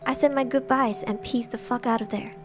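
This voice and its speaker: A young woman streamer narrating horror stories in a soft, hushed semi-ASMR style, with giggly asides. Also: fairly high pitch, steady tone, a little fast, noisy background.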